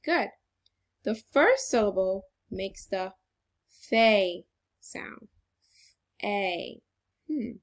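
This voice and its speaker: A woman teaches a children's phonics lesson in a slightly high voice. She speaks slowly and deliberately, with an encouraging, exaggerated classroom delivery. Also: vocal fry.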